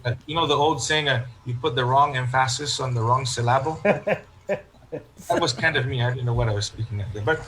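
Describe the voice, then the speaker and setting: A man of medium pitch, a parish priest in a relaxed interview, recounting his experiences with an easy storytelling manner. He restarts his phrases often and slips into voicing the people in his stories. A faint noise sits behind him. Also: fairly quick, rough recording. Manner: storytelling, acts out quoted remarks, frequent restarts. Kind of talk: casual interview chat.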